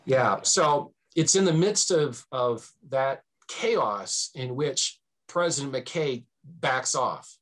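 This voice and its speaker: A man, a history professor, telling history in an animated conversational way on a podcast, with many fillers and restarts. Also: slow pace. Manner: animated, swings pitch for emphasis. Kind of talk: conversational storytelling.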